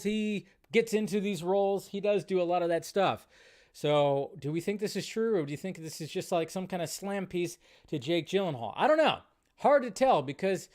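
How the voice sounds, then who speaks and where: A man with a high-pitched voice hosts a live movie news stream. He rants and sounds exasperated, talking straight to his viewers. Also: a little mellow. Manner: ranting, exasperated, talks to viewers.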